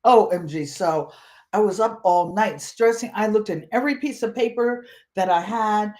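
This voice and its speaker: An older woman from Connecticut, host of a quilting channel, telling a funny travel story in a casual, animated way and acting out the voices of people in it. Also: medium pitch, moderate pace. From Connecticut, USA. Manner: animated, comic, acts out voices in her story.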